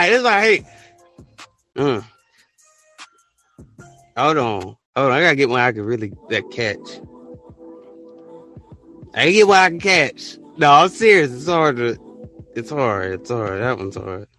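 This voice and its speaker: A man's voice: medium pitch, big pitch swings, pushed and bright, faint music behind. Young man freestyling over a beat. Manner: hesitant mumbling between takes, then rapid rhyming. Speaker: amateur rapper and podcaster.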